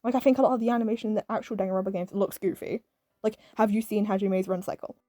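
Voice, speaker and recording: A woman's voice: mid-range voice, fairly even intonation, racing, dark tone, no echo, studio quality. A British woman giving a casual, rambling video review, full of "like" and "um" and frequent little laughs. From Britain. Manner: rambling, peppered with "like" and "um", laughs often.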